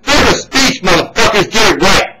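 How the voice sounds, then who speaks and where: A man's voice: sits high, animated, a little fast. A young man ranting angrily and profanely into a webcam held close to his face. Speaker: vlogger. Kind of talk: angry webcam rant. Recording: noisy home webcam recording.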